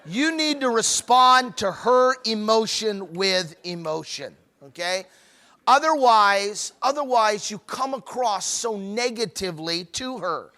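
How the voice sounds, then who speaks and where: Bright-voiced man telling funny stories. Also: sits high. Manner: animated storytelling with playful self-mockery. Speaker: marriage seminar speaker. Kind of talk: humorous seminar talk to couples.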